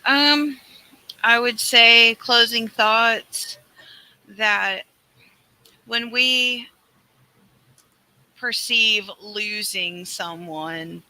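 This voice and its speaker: A woman giving measured, thoughtful closing remarks on a live panel, posing rhetorical questions. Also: medium pitch, gravelly, sharp tone, low-quality recording. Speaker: panel guest.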